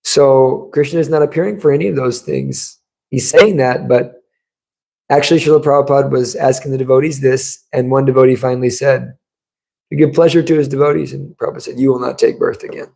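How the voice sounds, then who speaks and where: Gravelly, mellow-voiced man giving a temple class. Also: mid-range voice, fairly even intonation, a little fast, poor audio. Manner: conversational storytelling, acts out quotes. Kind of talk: sermon. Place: temple room.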